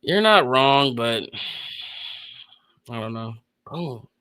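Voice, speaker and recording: A young man streaming casual live play-by-play of a football game, excitable and slangy, laughing often with his chat. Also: mid-range voice, slow, smooth.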